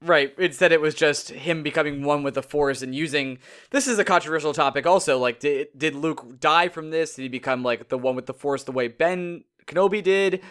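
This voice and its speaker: Hyped up podcast guy, higher voice, animated storytelling. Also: a little fast, hardly any pauses, clean tone. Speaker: podcast co-host. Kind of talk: casual chat.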